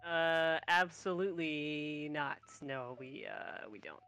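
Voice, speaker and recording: A woman's voice: sits low, slow, a bit bright, faint music behind. A woman playing in a tabletop game, answering hesitantly with fillers and laughs. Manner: hesitant, giggly, filler-heavy replies. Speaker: player.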